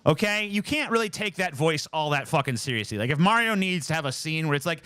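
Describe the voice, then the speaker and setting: A man's voice: on the high side, a little fast, hardly any pauses, smooth, dry recording, clean studio sound. A man streaming live from home, chatting casually and ranting with lots of swearing. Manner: animated, profane, ranting.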